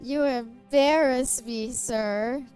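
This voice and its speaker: A woman's voice: sits high, fairly even intonation, a little mellow, clear, resonant tone, soft background music. A woman doing a shy lizard-folk maid. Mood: demure. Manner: demure, formal, slow.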